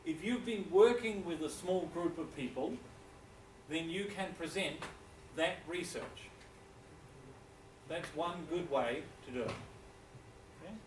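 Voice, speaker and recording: A man from New Zealand with a New Zealand accent, giving a classroom lecture as a teacher and pausing often to check in with his students. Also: on the high side, animated. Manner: deliberate, checks in with frequent "okay?". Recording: echoey room, distant mic, faint hiss.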